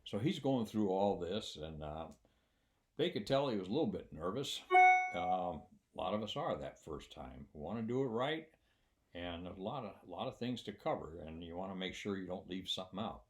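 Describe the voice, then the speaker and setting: A man's voice: low voice, lively intonation, moderate pace. An older man, a former military flight instructor, tells a casual anecdote in a rambling way with many fillers and dry humor.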